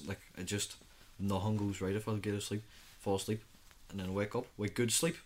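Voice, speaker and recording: A man's voice: on the low side, fairly quick. A thirteen-year-old boy, co-hosting a youth podcast in casual chat and acting out his own reactions as he tells stories. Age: 13, teenager. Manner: chatty storyteller, acts out his own reactions.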